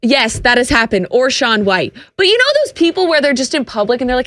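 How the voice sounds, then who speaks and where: A woman's voice: high-pitched, sing-song, fairly quick, hardly any pauses, a bit bright. A woman co-hosting a podcast, chatting casually and playfully. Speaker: podcast co-host. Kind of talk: casual chat.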